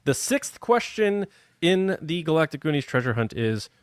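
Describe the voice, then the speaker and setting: A man's voice: on the high side, big pitch swings, moderate pace, dry recording, clean studio sound. A man hosting a fan aftershow, reading listener comments and running a trivia segment in a casual, upbeat way. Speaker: podcast host.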